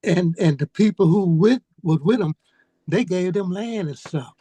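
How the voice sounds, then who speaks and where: A man speaks very slowly in a mellow, dark tone, dry and close. He pauses and repeats words, feeling his way through each thought in casual chat. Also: sits high, husky, no room sound. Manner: halting, repeats words as he searches for them. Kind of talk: casual chat in a video call. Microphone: video call.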